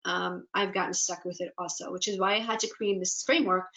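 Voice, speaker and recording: A woman's voice: fairly low pitch, steady tone, a little fast, pushed and bright, poor audio. A woman business and life coach giving an earnest, encouraging webinar presentation, often voicing people's inner doubts aloud.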